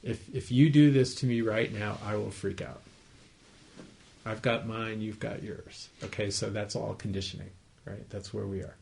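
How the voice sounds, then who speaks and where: A man's voice: fairly low pitch, steady tone, normal speed, gravelly. A man teaching meditation to a small group in a home, in a conversational style that often checks whether the listeners follow. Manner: conversational, gently explaining, asks the listeners to confirm they follow. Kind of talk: dharma talk to a group.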